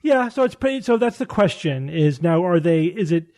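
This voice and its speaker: Male podcast host; mellow, slightly high voice, conversational, leads the panel chat. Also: lively intonation, moderate pace. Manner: thinks aloud, frequent restarts and rhetorical questions. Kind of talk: casual panel discussion.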